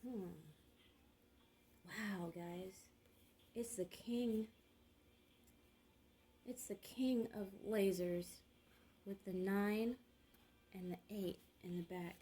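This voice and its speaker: A woman's voice: medium pitch, steady tone, drawn-out words, pauses often, warm tone, poor audio. A woman reading tarot cards, musing and murmuring card words to herself in a slangy, chatty way. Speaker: tarot reader.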